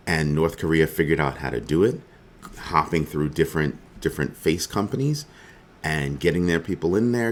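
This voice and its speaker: A man's voice: sits low, slight background noise. A man hosting a crypto news show, talking through the day's stories in a chatty, casual way and often rephrasing himself mid-sentence. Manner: chatty, rephrases and restarts as he goes. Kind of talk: fast casual news commentary.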